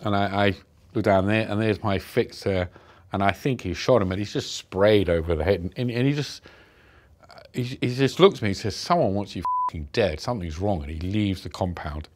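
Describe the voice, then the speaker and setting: Middle-aged british guy, lowish voice, telling his story slow and halting. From Britain. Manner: reflective, halting, many restarts. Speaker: interview guest. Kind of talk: personal storytelling in an interview.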